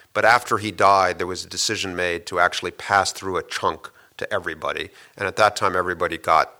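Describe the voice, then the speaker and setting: A male guest with a low voice that has a bright edge answers at length in a long interview. He tells his stories in a measured, hesitant way, with frequent "uh"s and restarts as he explains.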